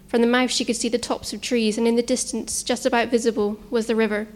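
A woman narrating a suspense story in a measured, tense manner. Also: fairly high pitch, little pitch movement.

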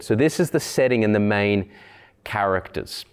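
A man's voice: on the low side, animated, moderate pace, clean tone. A man preaching a sermon, driving his points home by repeating key phrases with shifting intensity.

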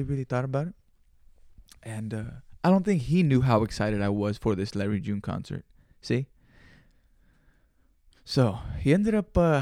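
A man's voice: mid-range voice, vocal fry, a little mellow, dry recording, clean studio sound. A man in his twenties telling a rambling, profane story in slangy casual talk, acting out bits of dialogue. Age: 20s. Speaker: podcast host.

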